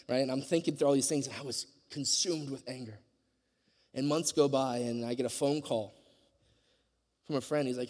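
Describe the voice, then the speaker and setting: A man preaching a sermon, telling a personal story earnestly, his voice swinging from loud passages to hushed ones. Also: mid-range voice, steady tone, moderate pace, long pauses, in a large hall.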